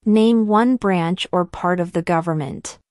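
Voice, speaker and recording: A woman slowly reading civics test questions and answers in a measured, deliberate way. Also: lowish voice, a little mellow, no echo, studio quality. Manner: measured, deliberate delivery with long pauses.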